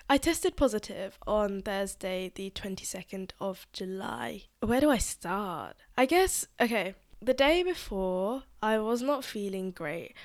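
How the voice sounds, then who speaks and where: Chatty woman with a stuffy nasal voice. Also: mid-range voice. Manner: chatty, uses filler "like" often. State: congested, nasal voice from illness. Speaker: podcast host. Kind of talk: casual solo podcast chat.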